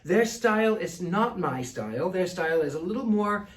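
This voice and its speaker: A man with a fairly high voice and a vintage Mid-Atlantic accent, talking with theatrical, carefully shaped diction. He speaks a little away from the mic in an echoey room. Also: expressive, moderate pace, recorded from a distance. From United States. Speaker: psychic answering viewer questions. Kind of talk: casual Q&A monologue.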